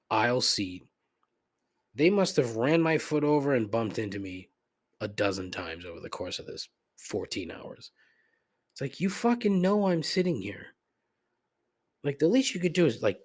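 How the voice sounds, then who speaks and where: A man's voice: medium pitch, big pitch swings, moderate pace, breathy edge. A middle-aged man hosting a podcast, ranting in a casual, comedic, profane and rambling way. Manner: profane, rambling, griping, frequent laughs and asides. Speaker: podcast host.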